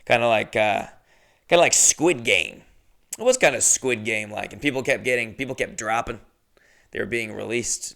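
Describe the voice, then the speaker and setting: A man's voice: mid-range voice, moderate pace, vocal fry, fairly bright tone. A man telling a casual, rambling story in a profane, jokey way. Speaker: podcast host telling a story.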